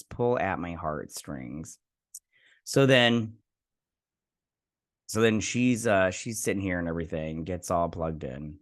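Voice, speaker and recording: Man, show host, casual episode recap, rambling, many fillers, slightly low voice. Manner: rambling retelling full of fillers and "he's like" quotes. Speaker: host and TV reviewer.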